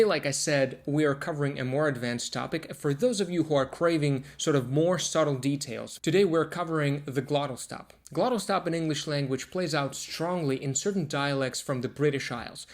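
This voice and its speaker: A man teaching a pronunciation lesson to camera, explaining step by step and repeating example words slowly to demonstrate sounds. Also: fairly high pitch.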